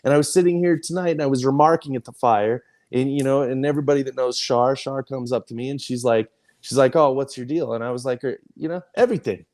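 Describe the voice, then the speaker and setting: A man's voice: medium pitch, fast talker, few pauses, darkish tone. A man, a podcast host, venting emphatically with lots of swearing in casual group talk. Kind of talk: heated casual chat.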